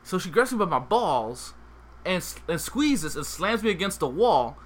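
A young adult man hosting a podcast, telling a comic story in a lively, casual way and acting out the other characters. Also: sits high, normal speed. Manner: animated, acts out voices. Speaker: podcast host.

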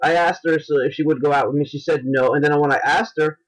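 A man co-hosting a podcast in casual chat, dropping deadpan wisecracks and blunt, profane complaints. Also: on the high side, fast talker, low-quality recording. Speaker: podcast co-host.

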